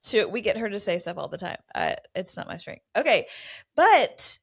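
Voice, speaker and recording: A middle-aged woman, co-hosting a podcast, mixing casual chat with Bible teaching in an animated storytelling way. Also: medium pitch, normal speed, vocal fry, breathy edge. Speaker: podcast co-host.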